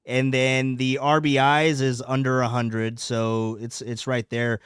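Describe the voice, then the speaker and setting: A man's voice: mid-range voice, little pitch movement, unhurried, clear, resonant tone, dry recording, studio quality. Rambling man on a sports podcast. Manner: rambling, stammering restarts. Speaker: podcast co-host. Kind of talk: casual sports podcast chat.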